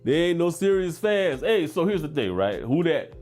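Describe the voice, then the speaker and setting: A man's voice: fairly high pitch, sing-song, normal speed, darkish tone, faint music behind. A middle-aged man from Baton Rouge with a Louisiana accent, hosting a casual fragrance livestream. He talks in a laid-back, chatty way and reads comments from the chat aloud.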